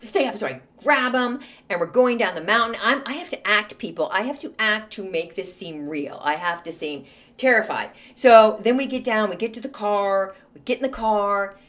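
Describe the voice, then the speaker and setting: Snarky woman host in her forties, animated storyteller whose pitch moves a lot. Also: moderate pace. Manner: snarky, animated, acts out quoted voices. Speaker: podcast host. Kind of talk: casual storytelling monologue.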